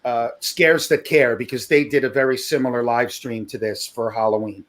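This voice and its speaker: A man's voice: medium pitch, steady tone, normal speed. A man hosting a charity livestream auction, chatting casually, laughing often and calling out bids.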